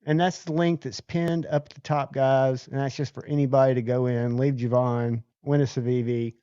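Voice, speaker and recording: A man's voice: medium pitch, little pitch movement, moderate pace, mellow, clear, resonant tone, no echo, muffled recording. A man hosting a casual livestream, chatting loosely and thanking viewers by name. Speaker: livestream host.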